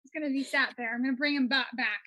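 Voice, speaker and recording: A high-voiced American woman co-hosts a casual online quiz. She reads the questions out, breaks off for quick jokes and asides, and laughs often. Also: fairly even intonation, pushed and bright, poor audio. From United States. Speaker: quiz co-host.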